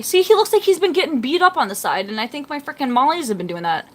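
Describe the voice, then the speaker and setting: A woman's voice: high-pitched, lively intonation, quick pace, hardly any pauses. Chatty young woman rambling on a livestream. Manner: rambling and chatty, reading out chat comments. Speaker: fish-keeping livestreamer. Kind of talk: casual live stream chat. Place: home, beside her fish tank.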